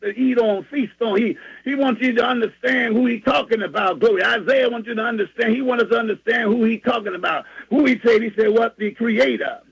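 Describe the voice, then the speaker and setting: A man preaching a fervent sermon, shouting and repeating each scripture line back to the congregation. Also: extremely high pitch, fairly quick, gravelly, few pauses, slightly rough, muffled recording. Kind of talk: call-and-response sermon.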